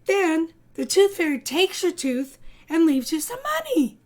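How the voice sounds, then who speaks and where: A know-it-all little girl dinosaur from a storybook, played by a woman teacher, bright and sure of herself. The voice rides high and loud. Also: big pitch swings, a little slow, full character voice. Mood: confident. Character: knowing young girl dinosaur friend.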